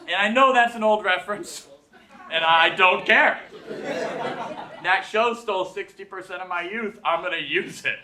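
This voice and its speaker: A man's voice: high-pitched, moderate pace, a crowd in the background. A man hosting a live late-night show, giving a self-deprecating stand-up monologue and acting out voices. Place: live theater with audience. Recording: echoey live theater.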